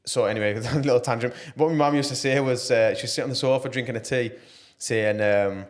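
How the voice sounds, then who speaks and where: A man's voice: medium pitch, fairly even intonation, brisk, hardly any pauses. A man talking earnestly and passionately as a podcast guest, with plenty of fillers. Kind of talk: casual podcast interview.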